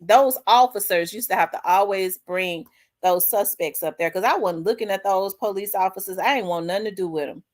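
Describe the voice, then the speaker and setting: A middle-aged woman, hosting her own show and candidly telling a personal story, acting out the dialogue with big swings in her voice. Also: brisk. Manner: animated, acts out quoted dialogue with big pitch jumps. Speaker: host.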